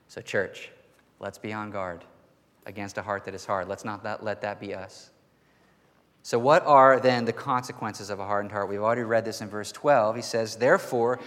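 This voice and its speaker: A man's voice: fairly low pitch, steady tone, normal speed. Earnest man preaching in a reverberant hall. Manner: earnest preaching, building to forceful emphasis. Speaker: pastor. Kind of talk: sermon. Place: church sanctuary.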